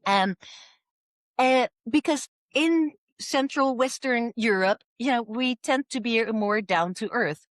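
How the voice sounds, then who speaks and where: A woman, a communication coach speaking lively as a podcast guest. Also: on the high side, slow pace, no room sound, studio quality. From Netherlands. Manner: lively, acts out quoted voices. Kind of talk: podcast interview.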